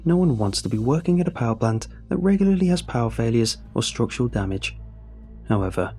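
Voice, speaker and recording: A young man narrating a scripted horror story in a steady, measured way. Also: mid-range voice, breathy edge. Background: faint music.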